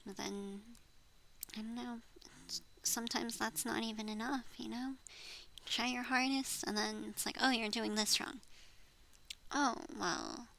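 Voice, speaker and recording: Woman in her 30s venting on a vlog, bright slightly high voice, rambles and trails off, cusses a lot. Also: fairly even intonation, unhurried, gravelly, rough recording. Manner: rambling, frustrated, trails off and restarts, swears. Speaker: vlogger. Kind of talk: rambling personal venting monologue.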